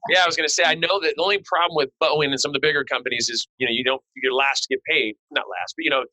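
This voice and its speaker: A man's voice: fairly high pitch, steady tone, rapid-fire, pushed and bright, dry recording, low-quality recording. A man hosting a podcast interview, chatting casually and telling playful, joking stories. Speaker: podcast host.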